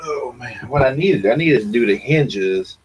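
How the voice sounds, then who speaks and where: A man's voice: medium pitch, lively intonation, a little slow, husky. A man, chatting as a guest on a video call in an easygoing, folksy, joking way. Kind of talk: casual chat.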